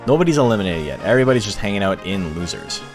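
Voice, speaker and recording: A man hosting a live stream, giving casual commentary on monster battles in a relaxed, chatty way and laughing as he tells stories. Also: on the low side, rapid-fire, over music.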